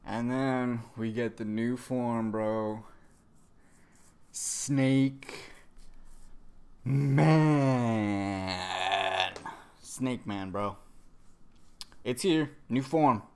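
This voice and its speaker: A man's voice: medium pitch, takes it slowly, clean tone. A man casually recapping a comic chapter, rambling, cursing a lot and trailing off into fillers. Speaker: manga reviewer.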